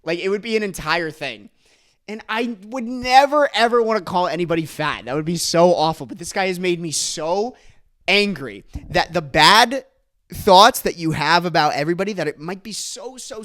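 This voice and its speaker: A young man tells a comic grievance story on a podcast, ranting hard. His voice sits high and leaps all over the place. He breaks into laughs and shouts as he winds himself up. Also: expressive, moderate pace. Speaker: podcast host. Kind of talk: comedic storytelling rant.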